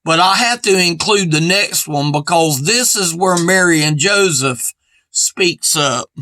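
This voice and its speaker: A man with a high, bright voice preaches a sermon at an unhurried pace. He sounds earnest and repeats his points in plain everyday grammar, and the recording is dry and close. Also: no room sound. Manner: earnest and repetitive, stressing points with "see".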